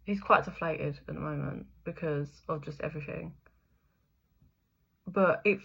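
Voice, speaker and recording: Young woman doing a casual intuitive reading, lowish voice but bright and forward, chatty with lots of likes, bit dull lo-fi sound. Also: normal speed, creaky, long pauses, slightly rough. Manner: chatty, many fillers, swears, laughs often. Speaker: intuitive reader.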